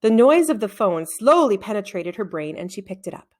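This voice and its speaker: Woman reading a kids' book out loud, really expressive, pitch all over the place, does the voices. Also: moderate pace. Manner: expressive, with shifts into character voices. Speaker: reader. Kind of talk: children's book read-aloud.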